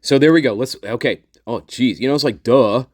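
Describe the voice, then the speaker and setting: A man's voice: medium pitch, a little fast, no echo, clean studio sound. Rambling, repetitive man hosting a commentary channel. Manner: rambling, repeats himself, effusive toward viewers. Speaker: channel host. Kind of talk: casual commentary on documents.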